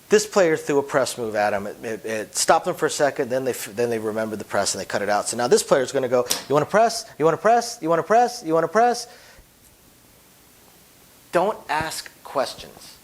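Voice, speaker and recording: Man, craps dealer, instructional talk, emphatic, phrases dropping off softly, medium pitch. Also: very animated, fast talker, a little hiss or hum, low-quality recording. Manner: emphatic, voice drops off at phrase ends.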